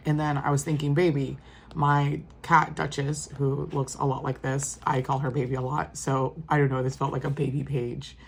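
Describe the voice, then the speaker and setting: A woman with a very deep, gravelly voice talks casually through her journal pages. She rambles softly and starts over often. Her pitch stays flat and low. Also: normal speed, a little hiss or hum. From New York State. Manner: rambling, soft-spoken, with many fillers and restarts. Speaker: vlogger showing her journal. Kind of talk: casual walk-through chat.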